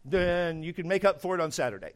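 Man, middle-aged, high voice; emphatic sermon, quiet asides then loud bursts. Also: big pitch swings, brisk. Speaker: pastor.

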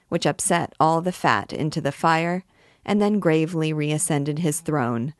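A woman reads a classic novel aloud, measured and expressive. Her voice sits low for a woman, and the recording is dry and close with no room sound. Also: no room sound. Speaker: reader of a book.

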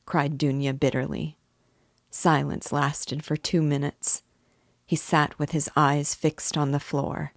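Slow, low-voiced woman reading a novel. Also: creaky, no echo, studio quality. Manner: measured, calm reading. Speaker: host reading a novel aloud. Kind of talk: audiobook reading.

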